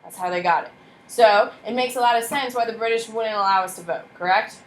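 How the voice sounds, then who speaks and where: A woman teacher with a fairly high voice gives a history lecture in a classroom. She talks bluntly and with lively energy, firing rhetorical questions at her class. A faint noise sits under her voice. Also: brisk. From United States.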